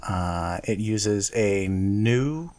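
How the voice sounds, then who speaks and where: A man's voice: lowish voice, expressive, drawn-out words, a little mellow. A man co-hosting a car podcast, chatting casually with lots of fillers and a self-deprecating humor. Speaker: podcast co-host.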